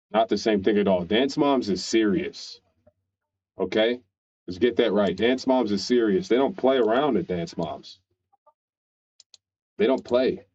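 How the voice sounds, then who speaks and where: A man's voice: mid-range voice, darkish tone, muffled recording. A man streaming, ranting casually in a crude, opinionated way and rambling through restarts.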